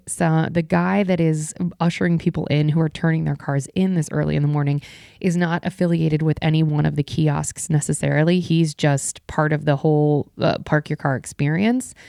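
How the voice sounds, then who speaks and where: A woman's voice: low-pitched, gravelly, warm tone, dry recording, studio quality. A woman hosting a podcast solo, telling an exasperated, sardonic story as a rant. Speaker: podcast host.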